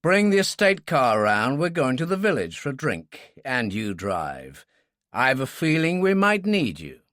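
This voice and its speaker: A man doing a smooth, scheming villain. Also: mid-range voice, sing-song, unhurried, fairly bright tone, no room sound, clean studio sound.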